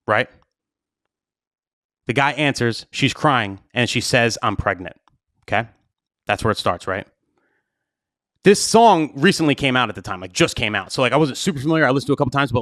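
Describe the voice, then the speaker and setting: Animated storytelling man, dry sound. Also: mid-range voice, dry recording. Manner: animated, swears freely, acts out his own panic. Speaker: wedding DJ and show host. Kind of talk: casual storytelling.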